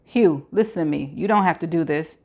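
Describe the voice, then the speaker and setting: A woman voicing a desperate young man who pleads and strains to sound calm. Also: sits low, a little fast. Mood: desperate pleading.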